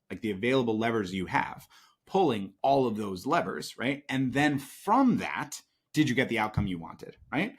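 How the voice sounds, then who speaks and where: A man's voice: fairly low pitch, slightly rough. A man speaking as a guest and sales coach in an interview, emphatic, often asking "right?". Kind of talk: conversational interview.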